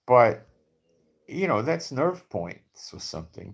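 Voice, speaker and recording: A man's voice: mid-range voice, sing-song, slow pace, creaky, breathy edge. A man talking casually and bluntly, skeptical, firing off rhetorical questions and checking in with "okay?". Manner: repeats for emphasis with frequent "okay?". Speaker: video commentator. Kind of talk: casual monologue to camera.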